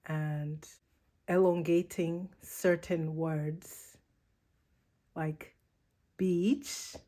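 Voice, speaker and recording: A woman from Uganda speaks in a Ugandan accent that has shifted toward American. She talks slowly and deliberately, in a reflective vlog monologue with playful asides. Her voice sits fairly low. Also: warm tone. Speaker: vlogger, channel host.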